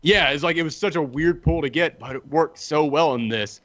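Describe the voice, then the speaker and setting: A lively man talks comics on a podcast, slipping into quick character voices as he goes. His voice sits fairly high. The sound is a bit dull and lo-fi. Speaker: podcast co-host reviewing comics. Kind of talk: casual chat.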